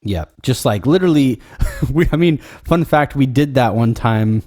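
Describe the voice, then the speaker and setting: A man's voice: medium pitch, lively intonation, moderate pace, a little mellow, no room sound, studio quality. A man co-hosting a casual podcast chat, easygoing and hesitant, with lots of fillers. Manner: laid-back, hesitant with many fillers. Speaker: podcast co-host and musician. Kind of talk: casual chat between friends.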